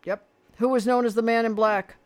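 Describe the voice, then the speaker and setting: A man's voice: very high voice, steady tone, brisk. A man hosting a call-in radio show, chatting bluntly and opinionatedly with callers and running a quiz. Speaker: radio host.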